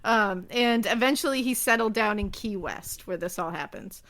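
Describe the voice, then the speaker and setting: A woman's voice: mid-range voice, normal speed, a bit bright. A woman casually telling a story on a podcast, chatty and full of asides. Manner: chatty, lots of fillers and asides.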